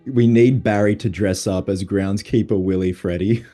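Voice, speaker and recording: Very low, dark-voiced man chatting fast. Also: fairly even intonation, soft background music. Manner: quick, chatty, enthusiastic fan talk. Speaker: podcast host. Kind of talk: casual chat.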